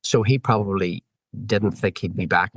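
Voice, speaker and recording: A middle-aged man with a Northern Irish accent, a podcast guest telling animated anecdotes full of quoted back-and-forth dialogue. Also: on the low side, normal speed, husky, no room sound. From Northern Ireland. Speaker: guest, former road racer. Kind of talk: storytelling in a podcast interview.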